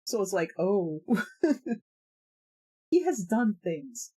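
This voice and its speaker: A woman talks to her stream in a relaxed, rambling way, her voice sitting at a middle pitch. She fills gaps with "like" and "um" and breaks into laughter often. It sounds like an unscripted live chat. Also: slow, husky.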